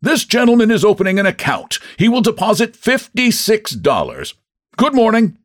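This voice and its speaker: A stiff, formal bank manager speaks in brisk, cool phrases, as a male reader puts him on. His lines jump around in pitch with a lively lilt. The sound is close and dry, with no room around it. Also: slightly rough, no room sound.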